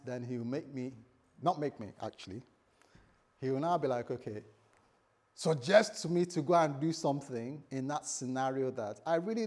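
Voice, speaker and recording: Male pastor, husky tone, animated sermon delivery with hushed lows and loud peaks, speaks his own inner voice aloud. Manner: animated preaching, jumps from quiet low lines to loud high bursts; acts out his own inner voice in quoted asides. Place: church service before a congregation.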